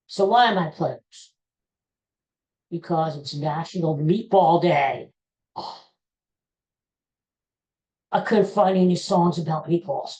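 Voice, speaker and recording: A woman's voice: on the low side, takes it slowly, pauses often, dark tone, low-quality recording. A middle-aged woman hosting her own podcast, rambling chattily on her own with lots of restarts and fillers. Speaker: podcast host. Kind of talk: casual solo podcast chat.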